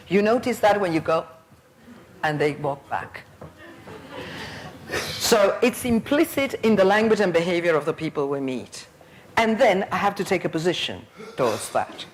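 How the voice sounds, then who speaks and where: Animated woman giving a lecture. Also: mid-range voice, moderate pace, slight background noise. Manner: lively storyteller who acts out quoted voices. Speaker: plenary conference speaker. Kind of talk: conference lecture. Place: conference hall.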